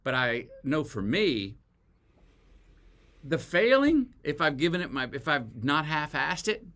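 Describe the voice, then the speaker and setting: A man's voice: fairly high pitch, very animated, unhurried, a bit bright. A man being interviewed as an author, talking casually and acting out quoted lines with a folksy, storytelling manner. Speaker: guest, author.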